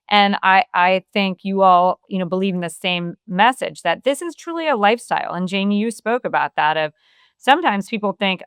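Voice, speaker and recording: A woman's voice: lowish voice, fairly bright tone, clean tone, no room sound, clean studio sound. A middle-aged woman, a wellness author, talking in an earnest, open way as a podcast guest, with many filler phrases. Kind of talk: casual conversational interview.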